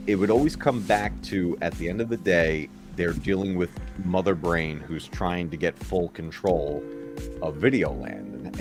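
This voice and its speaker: A man with a very low, deep voice hosts a casual live stream. He talks in a rambling, nostalgic way, chuckling as he goes. Music plays clearly behind him. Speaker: stream host. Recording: music playing under the voice.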